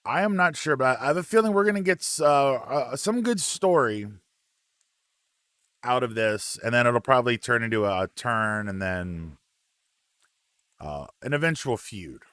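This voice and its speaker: A man hosting a relaxed live wrestling chat, reading out viewer comments with plenty of ums and uhs. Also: medium pitch, normal speed, no room sound, studio quality.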